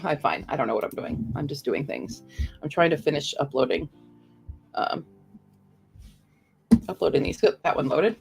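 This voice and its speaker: A woman's voice: low-pitched, very animated, normal speed, gravelly, long pauses, over music. A woman streamer chatting casually and rambling to her viewers. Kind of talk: casual live-stream chat.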